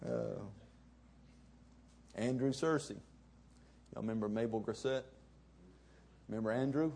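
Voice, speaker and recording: Folksy pastor with a husky voice. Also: male voice, mid-range voice, measured pace, mellow. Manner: folksy, chuckling, conversational. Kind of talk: sermon with folksy storytelling.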